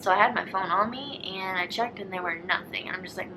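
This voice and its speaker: A woman's voice: mid-range voice, fairly even intonation, fast, background noise. A young woman vlogger telling a storytime in a rambling, filler-heavy way, slipping into whispered asides. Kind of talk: casual storytime vlog.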